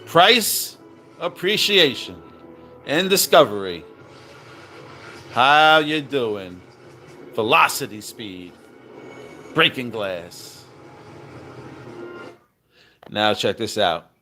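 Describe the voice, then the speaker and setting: A man giving excited, slangy commentary over cartoon clips, repeating himself and calling out to viewers. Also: on the low side, slow, pauses often, faint music behind. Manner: hyped, slangy, repeats phrases, calls out "baby" and "fam". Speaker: crypto commentator.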